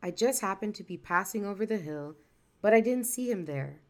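A greedy, scheming folktale trickster, put on by a woman storyteller. He sweet-talks and plots, his voice sitting at a middle pitch. His tone is sly and wheedling. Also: expressive, moderate pace, close to an everyday voice. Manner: sly, turns loud and panicked. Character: greedy scheming male trickster Uncle Buki.

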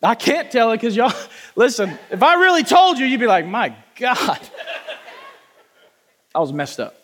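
Very high-voiced preacher in an echoing hall. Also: male voice, huge pitch swings, brisk, a little hiss or hum. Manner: passionate, shouting at peaks, folksy "y'all". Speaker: pastor. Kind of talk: sermon testimony. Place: church sanctuary with congregation.

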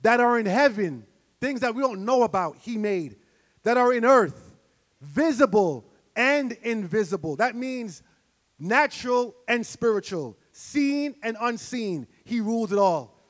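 A man with a high voice preaches a sermon in a church. He moves from quiet, measured teaching to shouted, fervent prayer. A long reverb from the hall trails after his words. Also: expressive.

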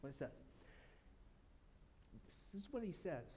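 High-voiced, excitable male preacher. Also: a little slow, a little hiss or hum. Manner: lively, casual preaching with sudden shouted exclamations. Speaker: pastor. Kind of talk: energetic sermon.

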